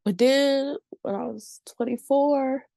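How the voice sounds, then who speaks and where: Woman in her late 20s, frank and emotional storyteller with a fry in her voice. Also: high-pitched, slow pace, mellow, no echo. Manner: candid, emotional, says "like" often. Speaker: podcast guest sharing her story. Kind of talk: personal storytelling.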